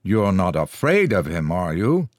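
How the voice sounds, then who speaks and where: A man's voice: sits low, big pitch swings, measured pace, darkish tone, dry recording, clean studio sound. A man voicing a big, beefy, growling tough in an audiobook, blunt and common-spoken. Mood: gruff. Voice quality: gruff, growling.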